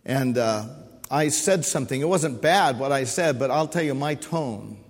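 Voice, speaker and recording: Husky preacher in a reverberant church. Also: male voice, mid-range voice, lively intonation, normal speed. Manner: preaching with repetition and call-and-response. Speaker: pastor. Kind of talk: sermon. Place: church sanctuary. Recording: long hall reverb.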